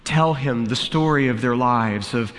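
A male pastor preaching a sermon, telling a story slowly and deliberately for dramatic effect. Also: medium pitch, fairly bright tone, big-room sound.

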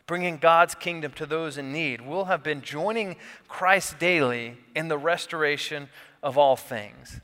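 A man's voice: fairly high pitch, sharp tone. A man preaching a sermon as the pastor, stressing and repeating key words. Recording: long hall reverb.

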